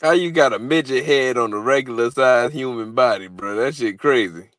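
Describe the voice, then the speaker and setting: A man's voice: mid-range voice, moderate pace, a bit bright, no echo. A man in casual, profane boxing banter, often breaking into laughter. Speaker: co-host.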